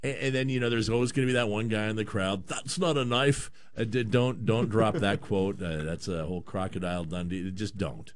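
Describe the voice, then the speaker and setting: A man's voice: fairly low pitch, a little fast, few pauses. A man hosting a radio show, chatting casually and joking with lots of restarts. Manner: animated, rambling, joking with restarts. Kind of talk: casual chat.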